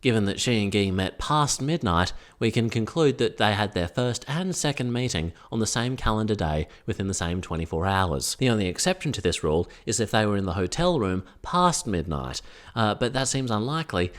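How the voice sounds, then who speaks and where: A man's voice: lowish voice, expressive, a little fast. A man giving a comedic, sarcastic recap of a TV episode, full of wry asides. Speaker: recap vlogger.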